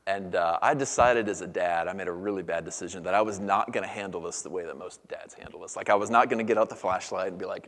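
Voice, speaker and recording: A man in his thirties preaching a sermon as pastor, earnest, moving between hushed near-whispers and lively storytelling. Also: on the low side, quick pace. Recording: long reverb of a church hall.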